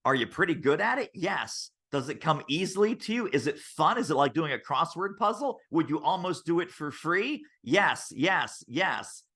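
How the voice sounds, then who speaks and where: An animated male interview guest talks shop about selling over a video call. His pitch swoops as he tells stories and slips into quoted voices. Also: normal speed, hardly any pauses, husky. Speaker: sales author and consultant.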